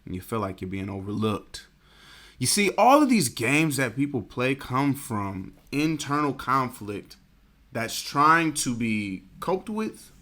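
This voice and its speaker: A man's voice: mid-range voice, pushed and bright. A man co-hosting a casual podcast chat, talking frankly and swearing freely. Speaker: podcast co-host.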